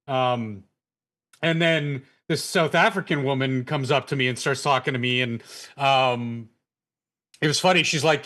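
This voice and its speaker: Casting: young Canadian man, slightly higher voice, loose profane storyteller on a panel show. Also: a little fast, a bit bright. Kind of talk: casual panel chat.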